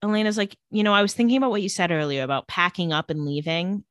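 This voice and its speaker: A woman co-hosting a podcast, recapping a TV episode in casual chat and retelling scenes in a flat, lowered voice. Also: quick pace, no echo, clean studio sound.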